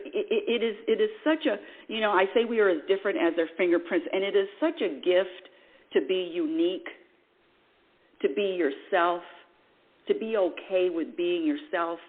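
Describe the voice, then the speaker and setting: A woman's voice: on the low side, measured pace, long pauses. Spiritual radio host woman on a tinny line. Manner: animated, preachy, acts out quoted voices. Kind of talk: spiritual talk radio monologue.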